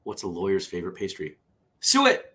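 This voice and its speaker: A man's voice: on the low side, very animated, moderate pace, a bit bright. A man hosting a casual solo morning show. He rambles, interrupts himself, and drifts into side stories between the jokes he reads aloud.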